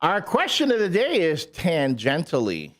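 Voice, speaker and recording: A man's voice: on the high side, huge pitch swings, unhurried. A man co-hosting a morning radio show from a studio, chatting casually and teasing rivals with mocking banter. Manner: teasing, mocking rival fans in exaggerated put-on voices.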